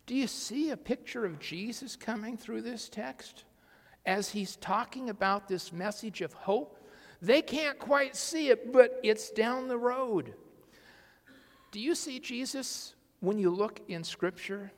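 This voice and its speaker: Male pastor, high voice, lively sermon full of questions, long hall reverb. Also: slow pace. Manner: animated, asks the congregation questions.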